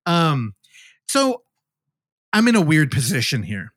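Lively rambling man reviewing a movie. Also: on the high side, takes it slowly, no echo, studio quality. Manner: rambling, jokey, acts out characters' lines. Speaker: podcast co-host. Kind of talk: casual podcast film review.

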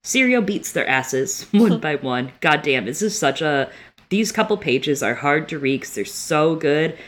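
A woman's voice: low-pitched, animated, unhurried. A woman co-hosting a casual book podcast, reading passages aloud and reacting with emotion and frequent swearing. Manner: emotional, swears freely, tearful while reading. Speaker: podcast co-host.

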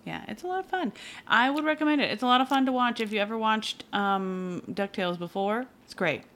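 A woman's voice: on the high side, a little fast, a bit bright. A woman co-hosting a podcast, chatting casually and agreeing often with short replies. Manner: agreeable, with frequent short backchannels. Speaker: podcast co-host. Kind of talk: casual chat.

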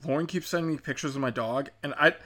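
Brief: male host, sharp bright tone, profane sarcastic rant. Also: a little high, quick pace. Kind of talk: ranting commentary.

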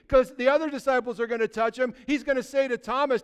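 Animated high-voiced male pastor preaching. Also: fast, few pauses, clear, resonant tone. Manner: animated, swings from loud to hushed; rhetorical questions, conversational. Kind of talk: sermon.

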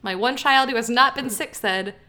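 Woman podcast cohost, bright sharp voice, teasing and laughing a lot. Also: on the high side, moderate pace. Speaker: podcast co-host. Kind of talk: casual chat.

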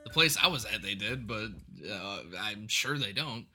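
A man's voice: fairly low pitch, lively intonation, moderate pace, pushed and bright, soft background music. A man on a podcast telling a story in casual, profane chat. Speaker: podcast co-host.

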